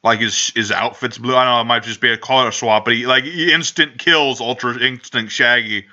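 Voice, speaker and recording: A man's voice: medium pitch, fairly even intonation, a little fast, sharp tone. A man hosting a casual podcast, rambling and joking with frequent swearing. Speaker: podcast host. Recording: dull lo-fi home recording.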